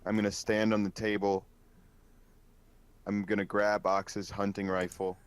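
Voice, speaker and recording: A man's voice: on the low side, level tone, a little slow, clear, resonant tone, no room sound. A man playing a tabletop game, easygoing and playful. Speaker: player.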